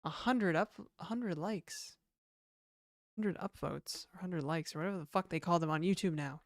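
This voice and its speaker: During a laid-back stream of her game development, a woman rambles between reactions, chats with viewers, responds to chat and swears casually. Her voice is lowish and her pace normal. The audio is dry with clean studio sound.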